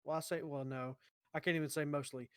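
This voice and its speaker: A man's voice: on the high side, fairly even intonation, fairly quick, fairly bright tone, clear, resonant tone, no echo. A man chatting casually on a podcast about his own writing, rambling, with fillers and self-corrections.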